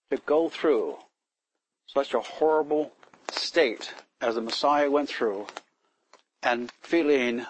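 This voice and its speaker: A man teaches from the Bible in an informal sermon, his voice sitting a little high for a man. He talks with his listeners, asks them questions and now and then raises his voice to act out a complaint. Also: slight background noise, rough recording. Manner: animated, acts out complaints in a raised voice.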